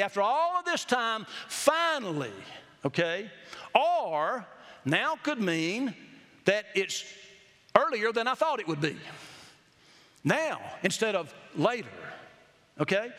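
Male preacher, high animated voice, long hall echo, call-and-response sermon. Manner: emphatic, call-and-response questions to the congregation. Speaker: pastor.

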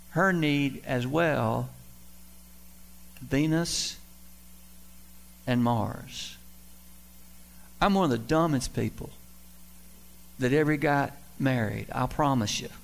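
Gravelly-voiced man preaching with folksy stories. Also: fairly high pitch. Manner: folksy, self-deprecating, emphatic swings in loudness. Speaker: pastor. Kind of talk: sermon with storytelling.

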